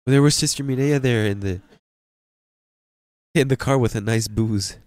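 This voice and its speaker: A man's voice: mid-range voice, moderate pace, darkish tone, dry recording. A man preaching a sermon as pastor, emphatic and questioning his congregation.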